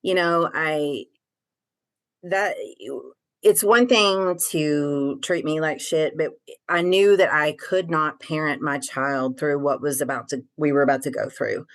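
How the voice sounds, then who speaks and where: A middle-aged woman with a low-pitched voice recounts her story openly and plainly. She swears casually and fills her sentences with ums and likes. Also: unhurried. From Tennessee. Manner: frank, swears casually, many fillers. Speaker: guest. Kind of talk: candid personal storytelling.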